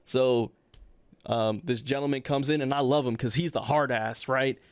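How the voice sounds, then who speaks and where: A man's voice: mid-range voice, fairly even intonation, moderate pace, clear, resonant tone, no echo, studio quality. Male podcast co-host with a mid-range voice, telling a casual anecdote and acting out its people. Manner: acts out the people in his stories.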